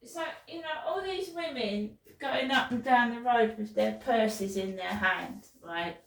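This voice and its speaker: A woman's voice: a little high, unhurried, gravelly, reverberant, recorded from a distance. A middle-aged British woman vlogging in pain, rambling and swearing with frequent restarts. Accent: British English. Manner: rambling and profane, with restarts and stumbles. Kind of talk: rambling personal vlog monologue.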